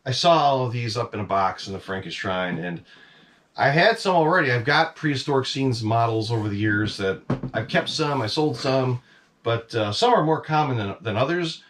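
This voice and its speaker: A man's voice: mid-range voice, animated, normal speed, fairly bright tone, a little hiss or hum. A middle-aged man casually chatting about his collection in a basement, rambling with plenty of "you know"s and fillers. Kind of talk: casual vlog chat. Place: basement room.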